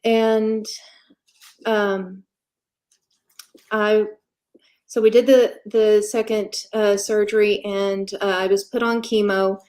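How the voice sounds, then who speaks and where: A woman telling her own story as an interview guest, candid and matter-of-fact, pausing often and filling gaps with ums. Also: medium pitch, little pitch movement, darkish tone. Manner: halting, with frequent pauses and fillers. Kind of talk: casual conversational storytelling.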